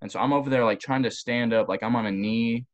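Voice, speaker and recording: A young man, a former college football player, telling long rambling stories in casual podcast talk, profane and animated. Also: medium pitch, quick pace. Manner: rambling, profane, animated storytelling with voiced quotes.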